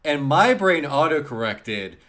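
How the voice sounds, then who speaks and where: A man's voice: a little high, big pitch swings, measured pace, a bit bright. A man co-hosting a music podcast, talking casually with frequent laughter and repeated words. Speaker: podcast co-host. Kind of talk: casual chat.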